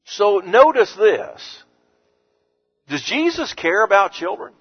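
A man with a notably high voice preaches a sermon in an earnest, pressing way. His tone climbs to emphatic force on the scripture he quotes. The recording sounds dull and lo-fi. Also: big pitch swings, slow, slightly rough. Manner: earnest, rising to emphatic when quoting Jesus. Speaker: pastor.

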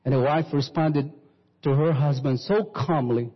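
A man preaching a sermon, slowly telling a story and quoting scripture. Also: on the high side, slightly rough. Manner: slow, sweeping preaching with Bible quotes. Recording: dull reverberant hall recording.

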